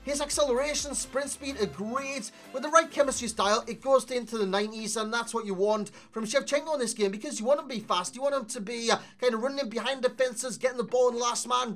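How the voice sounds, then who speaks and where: A man giving a chatty, animated video game player review, talking to viewers as lads, recorded as a desk mic voice-over. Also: very high voice, fast talker, few pauses, soft background music. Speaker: gaming YouTuber.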